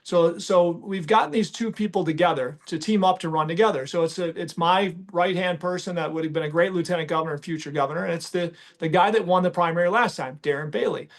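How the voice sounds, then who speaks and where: A man's voice: high-pitched, fast talker, hardly any pauses. A middle-aged man, hosting a casual podcast and talking emphatically with many restarts. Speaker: podcast host and business owner.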